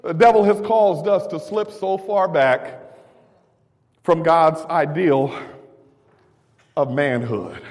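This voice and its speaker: A man preaching a sermon in a church, with stammering restarts and call-and-response, rising to shouts. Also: a little high, takes it slowly, pauses often. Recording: long reverb of a church hall.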